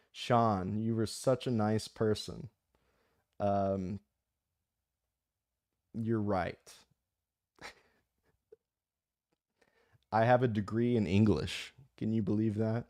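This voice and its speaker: A man's voice: lowish voice, vocal fry, mellow, dry recording, clean studio sound. A man hosting his own channel, chatting casually about a book and reading out viewer comments, rambling, joking and getting fired up. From United States. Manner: impassioned, rambling, jokey. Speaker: audiobook narrator and channel host.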